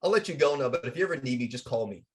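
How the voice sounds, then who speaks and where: A man voicing a calm male angel guide in a spoken parable, matter-of-fact in tone. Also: medium pitch, rapid-fire, close to an everyday voice.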